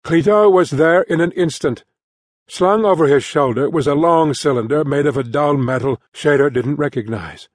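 A male audiobook narrator with a voice a little higher than most men's, reading in even, measured storytelling. He is recorded close in a dry studio booth. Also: dry recording. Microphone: close studio mic.

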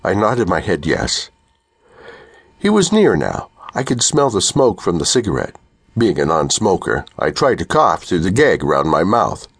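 A man reading a first-person audiobook in a measured storytelling manner. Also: deep voice, wildly swooping pitch, vocal fry, breathy edge, no echo. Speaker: audiobook narrator.

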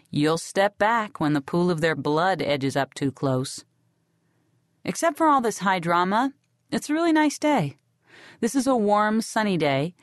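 A woman narrating a novel in the first person in a sardonic, deadpan way. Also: fairly low pitch, dry recording, studio quality. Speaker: audiobook narrator.

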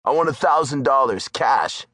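A man's voice: medium pitch, animated, moderate pace, fairly bright tone, dry recording, studio quality, pitched above the performer's own voice. A man voicing a wiry, streetwise man who talks bluntly and coolly calculates his angle. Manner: blunt, matter-of-fact.

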